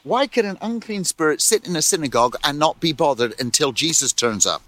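A man pastor preaching a sermon in an animated way, full of rhetorical questions and repeated words. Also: a little high, a little fast, no room sound.

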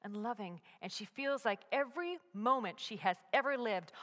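A woman narrating a dramatic story, moving from hushed whispers to loud, urgent peaks. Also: a little high, moderate pace, few pauses. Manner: expressive, swings from hushed whispers to loud climaxes. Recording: long hall reverb.

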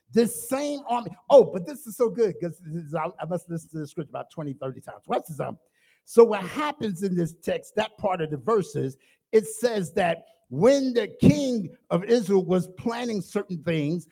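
Gravelly high-voiced preacher, shouting and hushed. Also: male voice. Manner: preaching with call-and-response, swinging from loud shouting to low asides. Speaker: pastor. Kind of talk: sermon.

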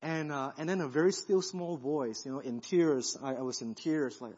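Telling his testimony in an animated way, a guest pastor with a husky, fairly high voice voices the thoughts he once had, speaking at a moderate pace with few pauses. Long reverb from a big church hall rings around the slightly dull sound.

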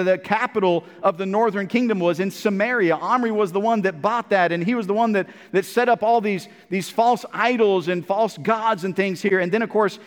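Male preacher, high voice, casual storytelling sermon, church echo. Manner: storytelling, conversational, repeats words.

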